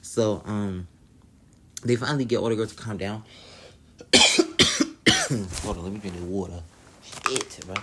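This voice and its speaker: Brief: man reviewer, low voice, loose profane slang, easygoing episode recap. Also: wildly swooping pitch, unhurried, long pauses, bright, forceful tone, a little hiss or hum. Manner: slangy, profane, laid-back storytelling. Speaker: reality show reviewer.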